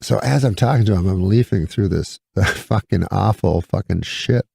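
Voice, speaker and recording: A man's voice: lowish voice, moderate pace, gravelly, darkish tone, breathy edge, no echo, clean studio sound. A man guesting on a talk show, rambling through anecdotes with many fillers and acted-out quotes. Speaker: comedian guest. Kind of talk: casual talk-show storytelling.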